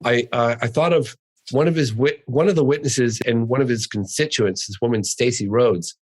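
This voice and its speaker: A middle-aged American man, a documentary filmmaker appearing as a podcast guest, tells a long story with earnest emphasis and insists every bit of it is true. His mid-range voice goes at a normal speed, and the recording is rough.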